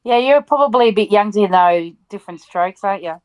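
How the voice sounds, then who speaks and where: A woman chatting casually on a sports watch-along, knowing and gently teasing. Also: medium pitch, lively intonation, fairly quick, clear, resonant tone.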